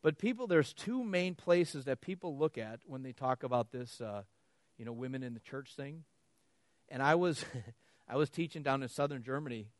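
A man's voice: medium pitch, normal speed, no echo. A man preaching a sermon, telling stories with laughter and acting out both sides of conversations. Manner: animated storytelling with laughs, acting out dialogue.

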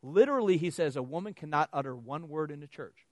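This preacher's voice is fairly high and fast, recorded with no room sound. His sermon unfolds as animated stories with laughs, where he voices both people in each exchange.

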